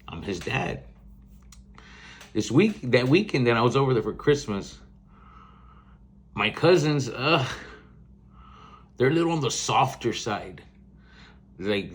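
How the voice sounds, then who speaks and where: A man in his forties hosting a podcast, telling family stories in a rambling, blunt way, swearing freely and laughing mid-story. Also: medium pitch. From South Texas. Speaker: podcast host. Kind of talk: casual storytelling monologue.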